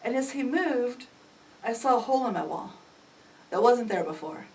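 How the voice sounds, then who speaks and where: A middle-aged woman recounting a family crisis in an emotional, animated way, acting out the dialogue with sudden jumps in pitch. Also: normal speed. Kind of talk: emotional personal storytelling. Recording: distant mic with faint ambient noise.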